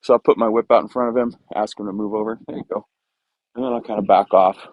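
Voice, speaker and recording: Low-voiced man, relaxed horse trainer. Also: quick pace, no echo. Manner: relaxed, rambling with many fillers and restarts. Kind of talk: casual explanation while working. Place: outdoor round pen.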